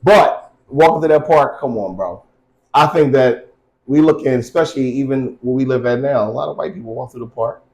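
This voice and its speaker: A man's voice: medium pitch, a little fast, a little mellow, poor audio. A man co-hosting a casual podcast, telling stories and teasing with blunt, profane talk. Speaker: co-host.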